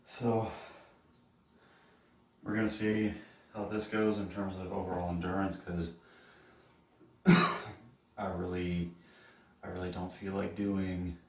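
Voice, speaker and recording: A man out of breath during a workout, counting reps and talking it through in a casual, halting way with lots of fillers. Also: low voice, roomy sound, far from the mic, slight background noise. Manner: talks between sets, counting reps, with fillers and pauses. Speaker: fitness vlogger.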